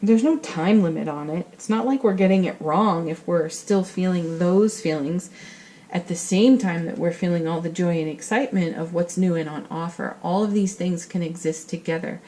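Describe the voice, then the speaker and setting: A middle-aged woman giving a spiritual tarot reading in a gentle, soothing, reassuring manner. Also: lowish voice, normal speed, rough recording. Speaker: tarot reader.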